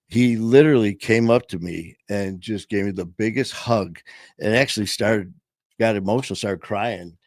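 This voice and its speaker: A man's voice: on the low side, darkish tone, no echo. A middle-aged man telling a long story in a casual chat, rambling with many fillers. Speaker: podcast host and former trainer.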